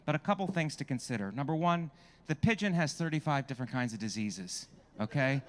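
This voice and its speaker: A man's voice: mid-range voice, animated, fairly quick. Brash, crowd-working man doing stand-up. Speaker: stand-up comedian. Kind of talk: stand-up comedy set. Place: comedy club stage with live audience.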